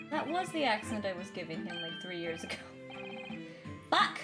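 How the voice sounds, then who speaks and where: A woman's voice: a little high, lively intonation, normal speed. A woman giving playful, self-mocking let's play commentary and swearing now and then. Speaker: gaming streamer. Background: game music.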